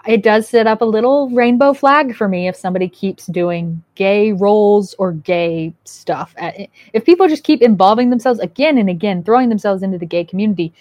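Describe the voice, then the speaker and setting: Woman, podcast host, casual chat, mid pitch, dry close sound. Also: fairly quick, hardly any pauses, no echo. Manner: candid, animated storyteller with quoted asides.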